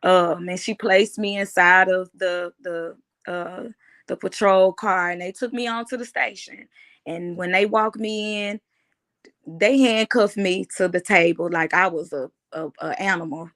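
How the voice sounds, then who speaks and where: A woman, giving a halting, emotional personal account in an interview, often restarting her phrases. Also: lowish voice, fairly even intonation, fairly bright tone. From United States. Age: 30s.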